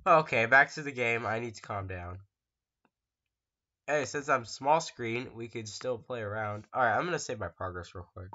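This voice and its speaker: Excitable gamer talking to viewers. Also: mid-range voice, moderate pace, lo-fi sound. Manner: excitable, talks to viewers, sudden screams. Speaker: let's play gamer. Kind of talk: casual gameplay commentary.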